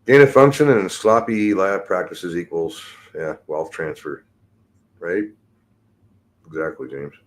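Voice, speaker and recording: A man's voice: a little slow, pauses often. Male podcast host, profane rambling solo rant, agitated and exasperated. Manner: swings between low mutters and high exasperation.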